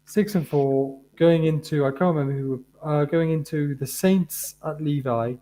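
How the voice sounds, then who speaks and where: British man, warm, earnest delivery. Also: on the high side, unhurried. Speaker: podcast co-host. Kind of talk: casual podcast chat.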